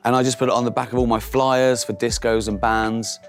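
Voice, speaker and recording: A man's voice: medium pitch, flat delivery, a little fast, soft background music. A middle-aged comedian telling anecdotes in casual chat, laughing often and mimicking the people in his stories. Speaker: comedian guest.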